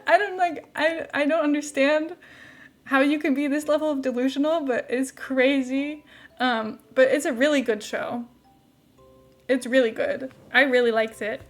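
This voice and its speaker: A woman's voice: sits high, steady tone, moderate pace, soft background music. A young woman streamer chatting casually while playing a game, rambling with lots of "like" fillers and light laughs.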